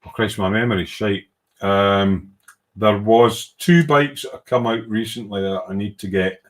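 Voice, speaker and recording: A man's voice: fairly low pitch, a little slow. A man hosting a casual livestream about model making. He reads out viewer comments, rambles in a self-deprecating way, uses informal British slang and hums to himself while he clicks around. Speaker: livestream host and hobby model maker.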